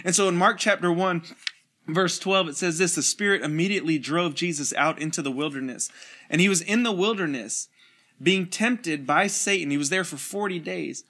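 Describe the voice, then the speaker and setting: A man preaching an online sermon and reading scripture, energetic and casual, with slangy asides and chuckles. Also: high voice, moderate pace. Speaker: pastor.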